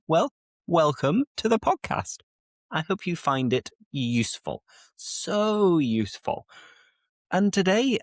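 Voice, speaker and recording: A British man hosts a podcast for English learners and speaks slowly and clearly. His pitch swings a lot as he jokes and acts out little bits. The sound is dry and close to the mic. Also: dry recording. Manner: playful, lively and animated. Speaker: English teacher and podcast host. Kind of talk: slow, clear podcast teaching.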